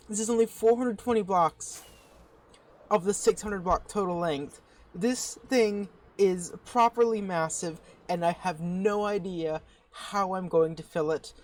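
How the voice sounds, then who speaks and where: A woman giving casual gameplay commentary as a channel host. She talks excitedly, thinking aloud and restarting her sentences. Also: lowish voice, unhurried.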